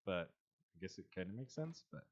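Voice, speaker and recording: A man's voice: low voice, big pitch swings, brisk, muffled recording, a little hiss or hum. A man streaming a block-building game, rambling in a self-amused way and chatting to the creatures he meets. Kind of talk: casual gameplay commentary.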